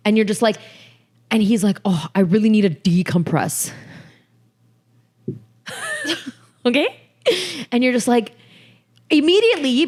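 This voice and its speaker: A woman's voice: on the high side, a little mellow. Chatty woman acting out scenes. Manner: acts out scenarios, mixes in Hindi-Urdu phrases. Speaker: podcast co-host. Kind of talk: casual chat.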